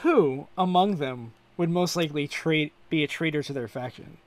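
A man's voice: on the high side, normal speed. A man hosting a casual podcast, laying out the rules of a game in playful, run-on explanations. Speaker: podcast host running a quiz.

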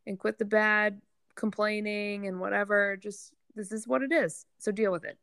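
A woman's voice: mid-range voice, fairly even intonation, normal speed, gravelly, fairly bright tone, clear, resonant tone, dry recording, clean studio sound. A woman in casual conversation, venting candidly and with some self-deprecation. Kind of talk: casual chat.

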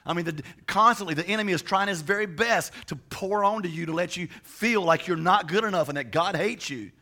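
A young male pastor tells stories from the pulpit, often stumbling and restarting his sentences. His voice is bright and sits a little high, and his delivery is informal and conversational. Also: a little fast. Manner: chatty storytelling with many restarts. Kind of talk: sermon.

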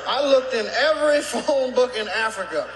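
A man's voice: extremely high pitch, animated, moderate pace, reverberant, very noisy. A male stand-up comedian telling a brash, profane story in a comedy routine.

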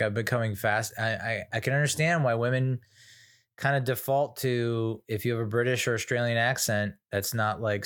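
A man's voice: fairly low pitch, a bit bright. An American man hosting a casual solo podcast, telling stories in a chatty, self-mocking way. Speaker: podcast host.

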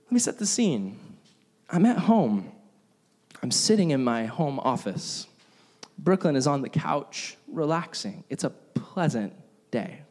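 Young man, pastor, casual sermon, storytelling, fairly high voice, very lively intonation. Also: creaky. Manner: animated, conversational, acts out his own reactions.

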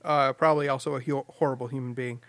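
A man's voice: medium pitch, steady tone, quick pace, a bit bright, dry recording. A man hosting a comic book podcast, joking and laughing often as he talks. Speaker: podcast host. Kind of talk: casual comedic chat.

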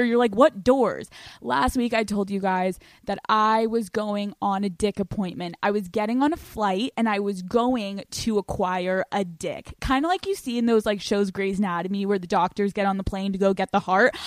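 Young woman podcast host, brash, swears a lot, laughs often, higher voice, dry studio sound. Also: dry recording. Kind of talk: solo podcast monologue.

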